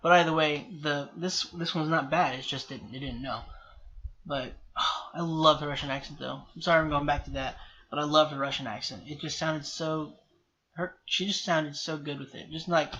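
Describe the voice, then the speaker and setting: A man's voice: on the high side, fairly even intonation, normal speed, bright, forceful tone. A man rambling through a TV episode reaction, restarting and correcting himself and apologizing often. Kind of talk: rambling solo reaction commentary. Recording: slightly dull lo-fi sound with faint background hiss.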